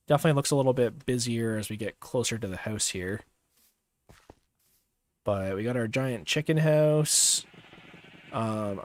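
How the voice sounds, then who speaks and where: A young man talking casually as he plays a game on a livestream, relaxed and rambling with many fillers and pauses. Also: medium pitch. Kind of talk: casual gameplay commentary.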